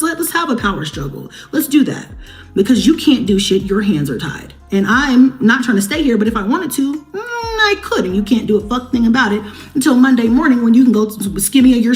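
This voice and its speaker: A woman vlogging, telling a story to her viewers in a blunt, heavily profane, emphatic way. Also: mid-range voice. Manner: talks straight to viewers. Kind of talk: casual storytelling to camera.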